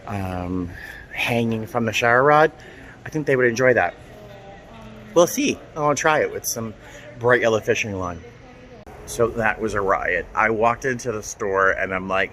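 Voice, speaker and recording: A man talking casually to the camera in a travel vlog, chatty and animated. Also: on the low side, moderate pace, slight background noise, poor audio. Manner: chatty and animated, softens to a gentle coo with animals. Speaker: vlogger. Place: outdoors on city streets, then airport and aircraft galley.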